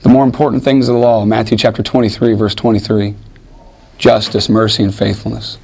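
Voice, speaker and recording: A man's voice: lowish voice, little pitch movement, a little fast, gravelly, darkish tone, slightly rough. A man preaching a sermon in a conversational way, reading scripture aloud and acting out the voices in it. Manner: conversational, acts out voices in Bible stories. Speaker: pastor.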